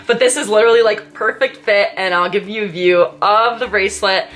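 A woman's voice: medium pitch, a little fast, fairly bright tone, faint music behind. A Canadian woman co-hosting a casual unboxing vlog, effusive and chatty, full of "like" and "oh my gosh". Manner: effusive, chatty, many fillers. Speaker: channel co-host.

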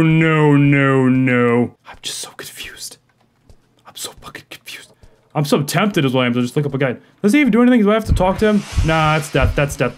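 A man hosting a horror game playthrough, talking to himself in jumpy, profane commentary that swings from muttering to yelling. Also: on the high side, a little hiss or hum. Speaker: gaming video host.

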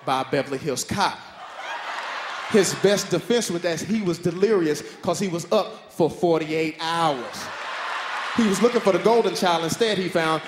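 A man's voice: high voice, normal speed. Stand-up man in an echoey hall. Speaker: stand-up comedian. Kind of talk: stand-up set. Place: large venue with live audience. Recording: echoey hall, crowd noise.

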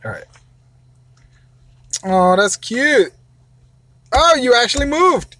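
A father giving gameplay commentary, excitable, wailing and shouting whenever a battle goes badly. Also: very high-pitched, slow, slight background noise. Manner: excitable, wails and shouts over losses. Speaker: father, mobile gamer.

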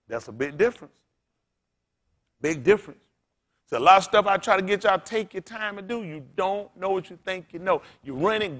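A man preaching a sermon in a high, bright voice that cuts through the room. He talks bluntly and casually, swears freely and keeps throwing questions at his listeners. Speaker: pastor.

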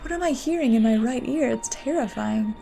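A woman's voice: a little high, expressive, a little fast, gravelly, mellow, faint music behind. A woman playing a game and reading its text aloud in casual, playful commentary with giggly asides. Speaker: let's player.

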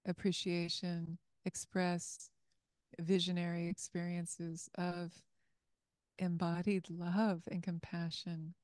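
Woman, meditation teacher, unhurried, clear resonant voice, dry close sound, video call. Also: fairly low pitch, mellow, no echo. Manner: patient, explaining step by step. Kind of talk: online class teaching.

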